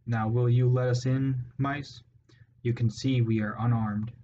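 A man voicing a scornful one-eyed warlord rat in a storybook reading, speaking with a low, flat, gruff delivery. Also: unhurried, lightly acted. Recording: dull lo-fi audio, faint hiss.

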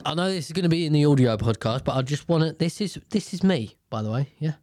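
A man's voice: on the high side, lively intonation, quick pace, darkish tone, no echo. A man hosting a podcast, giving blunt, outspoken casual commentary and swearing freely. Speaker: podcast host.

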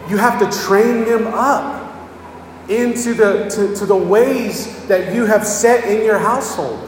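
Speaking slowly in a high register, a pastor gives a plain-spoken sermon and keeps checking on the congregation with "okay?" Slight background noise is present, and his voice carries from a distance in an echoey hall.

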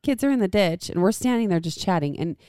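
A woman in her thirties chatting on a podcast with a bouncy, swinging pitch. She jokes and laughs easily, and the sound is dry and close. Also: quick pace, smooth, dry recording. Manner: lively, laughs often, jokey. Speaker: podcast co-host. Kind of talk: casual chat.

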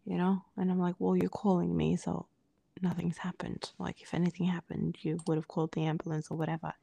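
A woman co-hosting a podcast, telling a personal story in casual talk, often sinking into a breathy near-whisper and acting out what others said. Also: fairly low pitch, level tone, a little fast, mellow. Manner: quotes others in dialogue with many fillers. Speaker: podcast co-host.

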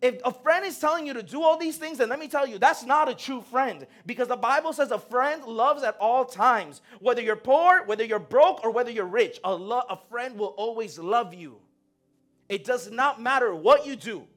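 A young man preaching in a relaxed, conversational way, full of slang and acted-out quotes. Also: very high voice, normal speed. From United States. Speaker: pastor. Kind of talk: sermon.

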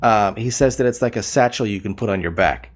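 A man with a fairly low voice narrates a tabletop game as game master. He pauses often and fills the gaps with ums. He is heard over an online voice call. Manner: hesitant, frequent ums.

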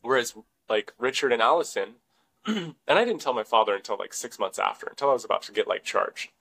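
A man's voice: medium pitch, animated, fairly quick, vocal fry, fairly bright tone, rough recording. A young man co-hosting a podcast, talking casually and rambling, with many fillers and some swearing. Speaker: podcast co-host.

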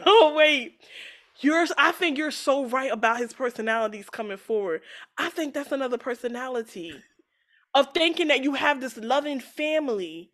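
High-voiced woman telling a story. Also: normal speed. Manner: animated storytelling, acts out quoted voices, laughs often. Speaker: podcast co-host retelling a story. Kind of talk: casual chat.

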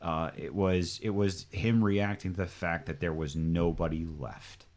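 Swearing, emphatic man with a low voice. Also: steady tone, measured pace, a little mellow. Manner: emphatic, swears freely, many restarts. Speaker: podcast host. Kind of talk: casual chat.

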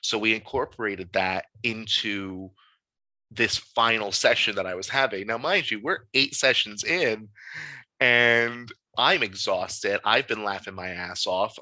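Bright-voiced man telling a story. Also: lowish voice, measured pace, no echo, low-quality recording. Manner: candid, animated storyteller with frequent fillers. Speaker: podcast guest. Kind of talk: casual interview storytelling.

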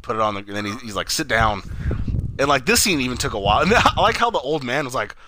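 A man's voice: mid-range voice, very animated, rapid-fire, noisy background. A man casually recapping a TV episode, rambling, cursing freely and acting out the characters' lines. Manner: rambling, swears a lot, acts out quotes. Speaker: podcast co-host.

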